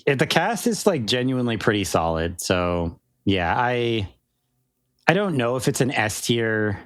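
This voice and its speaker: A man's voice: mid-range voice, very animated, a little slow, fairly bright tone, no echo. A man co-hosting a podcast, chatting casually and enthusiastically, rambling with many restarts and fillers. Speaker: podcast co-host. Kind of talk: casual chat.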